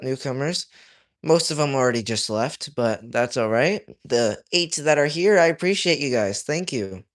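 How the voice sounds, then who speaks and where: A young man chatting casually on his livestream while he draws, reading viewers' comments aloud and joking around, his voice swinging from loud to mumbled. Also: mid-range voice. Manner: reads chat aloud, jokey, drifts loud to mumbling. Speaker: livestreaming artist.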